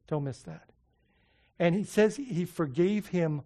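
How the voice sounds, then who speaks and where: Delivering a sermon slowly in a high voice, this pastor speaks with animation, circling back on his own phrases and asking listeners rhetorical questions. He swings from loud, emphatic lines to quiet, heartfelt asides.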